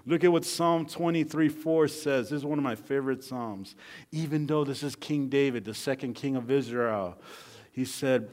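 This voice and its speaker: A man preaching a sermon as pastor, swinging from loud bursts to hushed near-whispers and repeating key phrases for emphasis. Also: mid-range voice, moderate pace.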